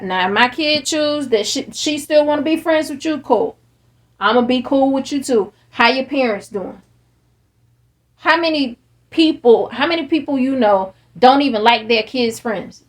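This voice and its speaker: Blunt animated woman with a raised pitch. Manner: blunt, animated, acts out quoted dialogue. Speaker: podcast host and parent. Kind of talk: candid casual chat.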